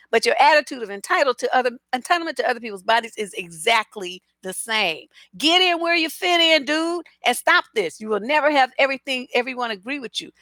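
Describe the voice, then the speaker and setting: A woman's voice: sits high, bright, forceful tone, no echo. A woman relationship coach giving blunt, profane, sarcastic commentary, reading out comments and answering them. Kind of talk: opinionated commentary.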